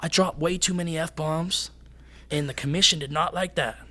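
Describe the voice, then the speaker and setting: Young male fighter guest with a high voice, rambling and animated. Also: normal speed. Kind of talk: casual podcast chat.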